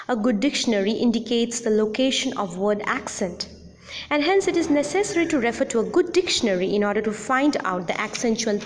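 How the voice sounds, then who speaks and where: A woman giving a recorded audio lecture, explaining slowly and deliberately with repeated examples. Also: a little high, big-room sound, a little hiss or hum.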